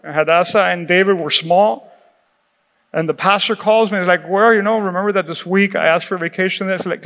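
Animated high-voiced male pastor preaching. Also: fairly quick. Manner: animated, laughing, acts out quoted voices. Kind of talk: sermon. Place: church sanctuary. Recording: reverberant church hall with music.

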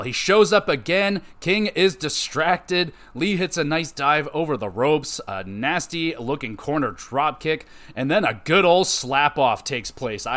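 A man hosting a podcast, giving an offhand, conversational recap of a wrestling show with quick verdicts. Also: on the high side, a bit bright. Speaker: podcast host.

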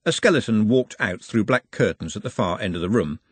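Brief: husky male storyteller, lively pitch, dry close sound. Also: a little fast, no echo. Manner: expressive, wry. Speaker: audiobook narrator. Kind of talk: scripted narration.

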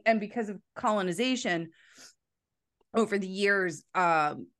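A woman's voice: mid-range voice, a bit bright. A woman hosting a casual interview, chatty and enthusiastic, often saying "like". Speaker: interview host.

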